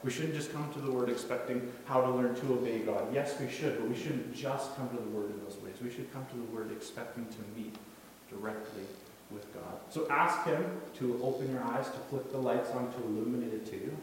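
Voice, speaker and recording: A man's voice: mid-range voice, a little fast. Male pastor in an echoey hall. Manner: casual, storytelling, acts out quotes. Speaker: youth pastor. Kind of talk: sermon. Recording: echoey hall, distant mic, faint noise.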